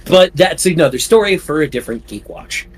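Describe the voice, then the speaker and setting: Man, casual gaming podcast, animated, argumentative, somewhat high voice. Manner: animated, argumentative, quick to interject. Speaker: podcast co-host.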